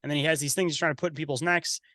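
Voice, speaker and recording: A man guesting on a podcast, talking in a somewhat high voice. He rants bluntly and swears freely, in a dry, close recording. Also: steady tone, racing, bright, forceful tone, dry recording. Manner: blunt, profane, conspiratorial rant. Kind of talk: casual chat.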